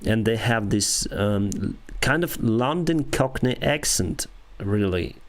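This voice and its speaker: A man's voice: fairly low pitch, lively intonation. Ukrainian-accented man chatting on a live stream. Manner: halting non-native English with restarts and soft laughs. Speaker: airline pilot and live-stream host. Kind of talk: casual live-stream chat answering viewers.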